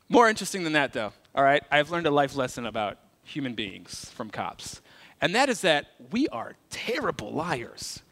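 Pastor preaching to his congregation. Male, high and bright, casual storyteller with jokes, long church hall echo. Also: very animated, a little slow. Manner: conversational, joking storyteller. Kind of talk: sermon.

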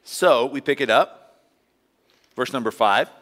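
A man's voice: medium pitch, slow pace, a bit bright. A man preaching a sermon in a church, talking conversationally and acting out little scenes for the congregation. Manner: conversational preaching with acted-out asides. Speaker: pastor. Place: church sanctuary. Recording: long hall reverb.

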